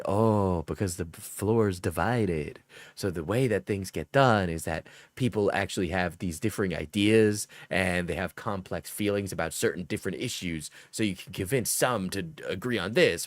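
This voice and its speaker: A man's voice: on the low side, dry recording. A man with a New York accent giving crude, mocking commentary over a video during a live stream.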